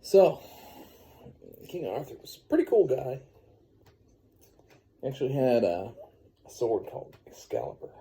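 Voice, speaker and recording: Guy making up a silly story for his baby, slow, gravelly, dark voice. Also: mid-range voice, very animated. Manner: rambling, playful, sing-song. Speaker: parent telling a story to a baby. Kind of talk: improvised bedtime story.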